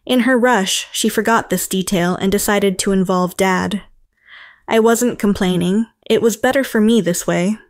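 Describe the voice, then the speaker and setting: A woman's voice: mid-range voice, normal speed, dry recording. Woman narrator for a story channel, matter-of-fact, dry close sound. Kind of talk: first-person story narration.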